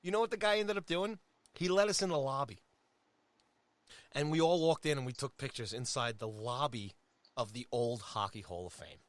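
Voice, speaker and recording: Animated New storyteller in his fifties. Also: mid-range voice, normal speed, no room sound. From Long Island, New York. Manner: animated, acts out quoted voices. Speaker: podcast co-host. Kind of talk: casual storytelling.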